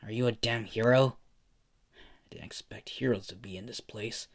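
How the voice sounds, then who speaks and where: A man's voice: fairly low pitch, moderate pace, creaky. A man doing a sneering armed thug boss.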